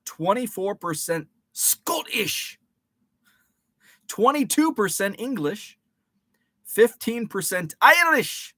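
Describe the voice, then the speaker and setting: A man's voice: high-pitched, very animated, slow pace, long pauses, pushed and bright, dry recording, studio quality. A man hosting a casual live stream, chatting and greeting viewers by name with rambling asides. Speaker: podcast host.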